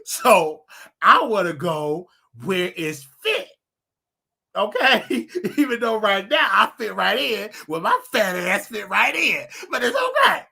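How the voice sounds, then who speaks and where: A male livestream host talking casually with a bright, forceful tone. His delivery swoops widely in pitch, preaching to his listeners and breaking into laughing asides. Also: sing-song, slow pace, gravelly, slightly rough.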